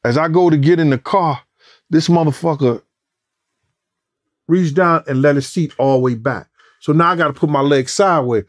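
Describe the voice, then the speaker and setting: A middle-aged man and former bodyguard telling a story in a casual interview, animated and profane, acting out the voices of others and the sounds of gunshots. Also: fairly high pitch, normal speed, pauses often, dry recording, clean studio sound.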